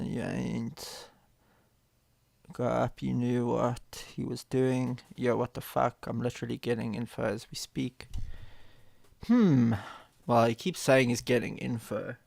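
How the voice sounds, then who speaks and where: A man reacts to a video on a live stream, his voice gravelly with a rough edge. The sound is dry and close. He speaks bluntly, swears freely, and thinks out loud. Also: medium pitch, steady tone, slow, dry recording. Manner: blunt and profane, thinking aloud.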